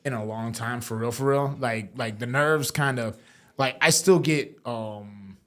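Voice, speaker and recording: A man's voice: medium pitch, unhurried, fairly bright tone. A young man in casual podcast chat, telling a story with lots of laughing, swearing and filler words. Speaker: podcast host and fighter.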